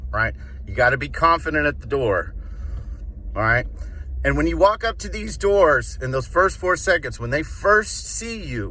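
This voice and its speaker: Man training door-to-door reps: punchy, bright, swears a bit, keeps asking "all right?". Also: a little high. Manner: emphatic, checks in with "okay?" and "all right?"; casual, swears now and then. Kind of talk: instructional talk.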